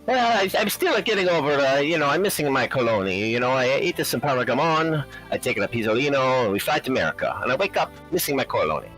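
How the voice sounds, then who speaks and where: A man plays a brash, not-too-bright street tomcat who talks fast and bounces wildly up and down in pitch. He is blunt and simple-minded, with faint music running behind. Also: big pitch swings, poor audio. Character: dim-witted tough male street cat.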